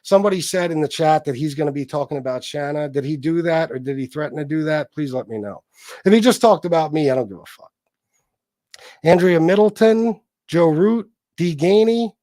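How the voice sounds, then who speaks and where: A man's voice: fairly high pitch, lively intonation, a little fast, darkish tone, no echo, studio quality. Foul-mouthed man ranting on a livestream. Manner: angry, combative, heavy swearing. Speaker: livestream host reading chat. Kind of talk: profane live-stream rant and shout-outs.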